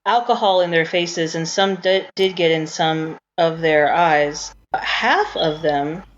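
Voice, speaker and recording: A woman's voice: low voice, takes it slowly. A woman narrating a tabletop game as game master, talking casually with frequent restarts and small laughs. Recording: slightly dull lo-fi mic with faint hiss.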